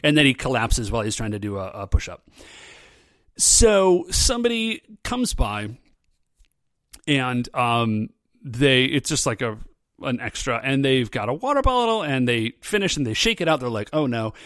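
A male podcast host recaps an episode in a loose, rambling style, peppering his speech with "um" and "like" and laughing often. His mid-range voice is very animated and a bit bright, at a moderate pace. The recording is dry and studio quality.

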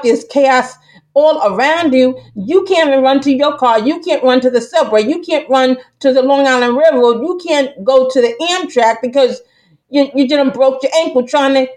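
Woman podcast host, higher-pitched, preachy and emphatic, rambling solo talk full of fillers. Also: darkish tone. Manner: emphatic, preachy, keeps saying "listen"; rambling with many fillers and restarts. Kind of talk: casual monologue podcast.

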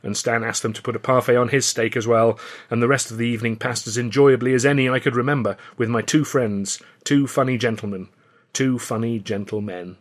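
A man's voice: medium pitch, fairly even intonation, fast. A man reading his own comic novel aloud in a dry, wry storytelling manner. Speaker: author and audiobook narrator. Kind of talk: scripted narration.

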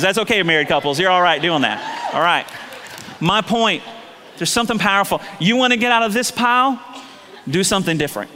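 A middle-aged man preaching a sermon as pastor, lively and joking with asides to the congregation, in a large church. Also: sits high. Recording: long hall reverb.

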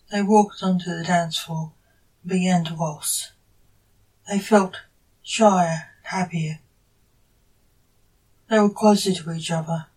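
A woman reading a story aloud for her own podcast, measured and deliberate. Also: on the low side, darkish tone, recorded from a distance, rough recording.

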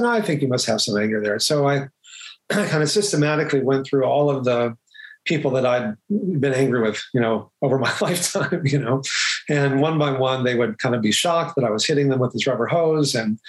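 A man, a doctor, telling a personal story in a reflective, earnest way, pausing and restarting as he goes, with emotion showing. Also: medium pitch, low-quality recording.

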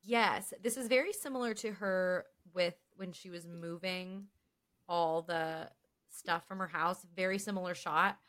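A woman co-hosting a podcast, retelling TV scenes casually with animated asides. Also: on the low side, unhurried. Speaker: podcast co-host. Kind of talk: casual recap chat.

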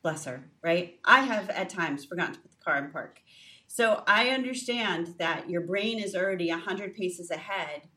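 A woman co-hosting a faith podcast, telling a personal story in a lively way with frequent fillers and restarts. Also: on the low side, moderate pace, distant mic. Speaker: podcast co-host. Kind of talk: casual faith podcast chat.

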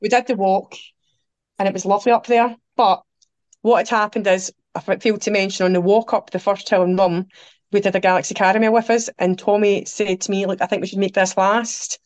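Scottish woman, podcast guest, animated storyteller, mid-range voice, dry close sound. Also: mid-range voice, brisk, no room sound. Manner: animated, quotes people, laughs through her stories. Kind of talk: anecdotal storytelling chat.

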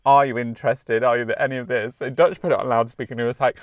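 A man's voice: mid-range voice, fairly even intonation, fast talker, no echo, clean studio sound. A man co-hosting a podcast, telling an anecdote in casual chat with laughter. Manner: chatty, laughing, storytelling. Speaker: podcast co-host.

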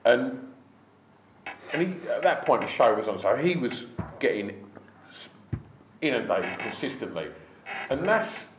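A man's voice: medium pitch, big pitch swings, unhurried, long pauses, background noise. A man in a casual chat, talking things through in a thoughtful way. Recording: echoey room with faint ambience.

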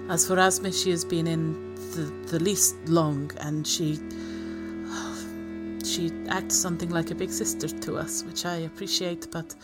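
A woman voicing a young woman freed from captivity, who speaks haltingly and breaks into tearful apologies. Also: lowish voice, fairly even intonation, loud music behind the voice, close to an everyday voice. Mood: earnest. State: crying.

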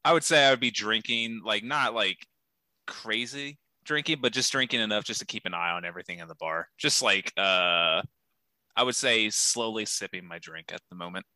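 A man's voice: on the low side, normal speed, sharp tone, no echo. A man playing a tabletop game, asking thoughtful questions about the scene. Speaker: player. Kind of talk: casual tabletop role-play.

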